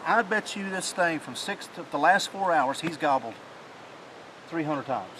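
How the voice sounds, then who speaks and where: A man, excitedly telling the story of a hunt in a casual chat outdoors in the mountain woods, rambling and restarting his sentences. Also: on the high side, a little slow, slight background noise, poor audio. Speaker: hunting channel host.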